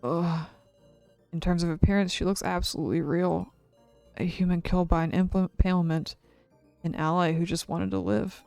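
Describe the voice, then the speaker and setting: A woman's voice: on the low side, steady tone, normal speed, gravelly, darkish tone, no echo, faint music behind. A woman streamer reading a visual novel aloud, breaking off to gasp and react. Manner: reads dialogue with reactions and gasps in between.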